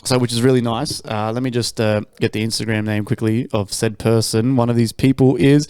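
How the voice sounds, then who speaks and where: A man's voice: mid-range voice, fairly even intonation, brisk, darkish tone, clean tone, dry recording. A young man chatting casually on a podcast, matey and sweary. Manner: laid-back, matey, sweary. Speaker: podcast co-host. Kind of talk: casual chat.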